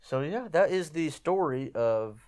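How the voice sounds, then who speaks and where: A man's voice: a little high, a little slow. A man hosting a podcast, telling a hunting story in a rambling, casual way and repeating himself. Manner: rambling, repeats himself, quotes others in lively voices. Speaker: podcast host.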